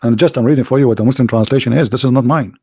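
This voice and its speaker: This video host and preacher speaks very fast in a mid-range, warm but gravelly and creaky voice, mocking his subject with a string of sarcastic rhetorical questions. He comes across as tired, and the recording is dry and close with no room sound.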